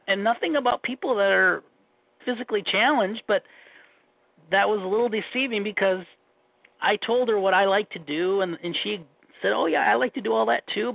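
A man's voice: high voice, creaky, dry recording. A man with a Minnesota accent telling long stories in casual chat, restarting and repeating himself as he rambles. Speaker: guest telling dating stories. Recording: tinny phone line, dry.

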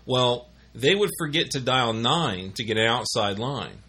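Husky, animated man telling office stories. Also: medium pitch, unhurried. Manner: rambling, many fillers and restarts, laughs at own stories. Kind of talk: casual storytelling chat.

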